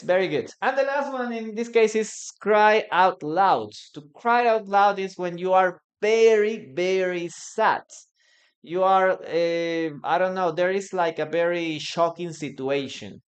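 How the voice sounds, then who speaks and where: A teacher gives a live online English lesson, repeating example phrases and reading out student comments. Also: medium pitch. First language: Spanish.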